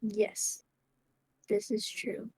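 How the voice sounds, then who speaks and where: A woman speaks softly and hesitantly as she plays her character. Her voice is slow and mellow, and it sounds quiet, as if she sits far from the mic. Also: medium pitch, flat delivery, breathy edge, no room sound. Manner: soft, hesitant. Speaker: player. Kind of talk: in-character tabletop play.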